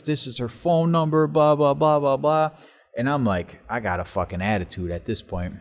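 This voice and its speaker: A man hosting his own podcast, telling rambling stories in casual talk and swearing constantly, recorded on a laptop in a basement workshop. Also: on the low side. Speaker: podcast host. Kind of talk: casual solo storytelling. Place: basement workshop in an old house.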